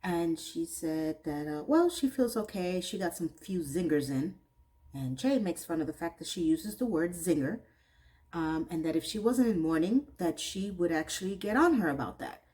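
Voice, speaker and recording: A woman's voice: fairly low pitch, animated, moderate pace, mellow, poor audio. Sarcastic woman recapping a TV episode. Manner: exasperated, sarcastic asides. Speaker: TV recap reviewer. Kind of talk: casual recap commentary.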